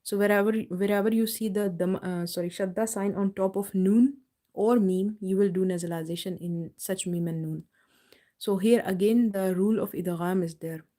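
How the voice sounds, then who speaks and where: Woman, recitation teacher on a live class; mellow, warm tone, patient explainer who stretches words slowly to demonstrate. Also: mid-range voice, steady tone. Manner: explains patiently, then slowly drawls out words to model pronunciation. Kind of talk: live online tajweed lesson. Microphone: live stream mic.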